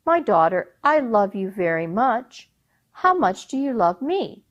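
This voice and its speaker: A woman telling a folk tale and voicing a proud, quick-tempered emir who demands his daughters' love. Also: on the high side, very animated, lo-fi sound. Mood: asking fondly. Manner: demanding, then angry and commanding. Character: proud, touchy male emir, a king and father. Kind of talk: oral storytelling.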